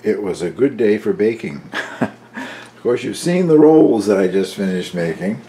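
Deep, mellow older man baking at home. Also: moderate pace. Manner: relaxed, chatty, talks while tasting. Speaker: home baker, channel host. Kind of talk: casual cooking vlog narration.

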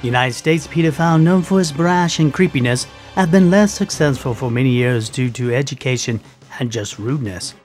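A man narrating a mock safety film in a deadpan announcer tone. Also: medium pitch, moderate pace, soft background music.

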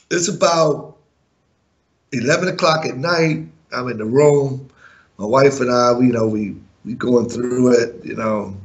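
A man and former music manager telling a story in an interview, blunt and profane, chuckling now and then. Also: medium pitch.

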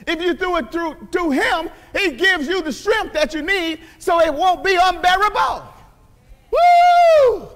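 A pastor preaching a sermon in a church, emphatic and repetitive, often crying out hallelujah. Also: male voice, very high voice, moderate pace, hardly any pauses, pushed and bright, in a large hall. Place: church sanctuary.

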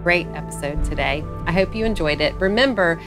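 A woman hosting a podcast discussion, speaking earnestly and slowing down to stress key phrases. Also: on the low side, music in the background. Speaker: host.

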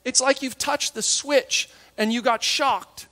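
A man preaching a sermon, animated, acting out the voices of biblical figures and dropping to a hush for tender moments. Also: extremely high pitch, slow, long reverb tail.

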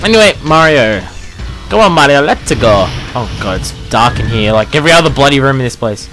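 A young man, commentating a video game playthrough, crude and swearing, yelling at the game. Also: mid-range voice, lively intonation, brisk, faint music behind. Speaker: let's play gamer.

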